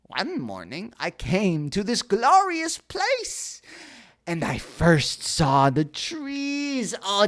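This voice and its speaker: A woman reads a picture book aloud in a deep voice, taking her time over the lines. Her pitch leaps all over the place as she trips on silly made-up words, corrects herself and drops cheeky side comments. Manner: playful, self-interrupting, swears then apologizes. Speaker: storyteller. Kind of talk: reading a children's story aloud with joking asides.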